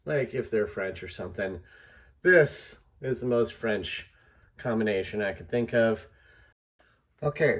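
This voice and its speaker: A man teaching a pronunciation spelling method in a relaxed, explanatory way, with fillers and asides. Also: mid-range voice. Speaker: instructor. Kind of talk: casual screen-recorded lesson.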